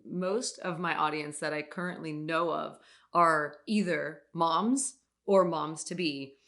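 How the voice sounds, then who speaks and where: Brief: young woman host, very low voice, encouraging, casual talk. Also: steady tone, takes it slowly, creaky. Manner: warm, encouraging. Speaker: podcast host.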